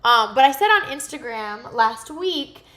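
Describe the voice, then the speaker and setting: A woman's voice: on the high side, expressive, a little slow, bright, forceful tone, echoey room. A goofy, rambling woman, chatting casually with viewers while cooking live in her home kitchen.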